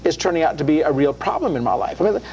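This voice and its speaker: A man's voice: on the high side, lively intonation, very fast, muffled recording, a crowd in the background. A man hosting a Christian radio program, talking about faith in an earnest preaching style that rises into emphatic questions.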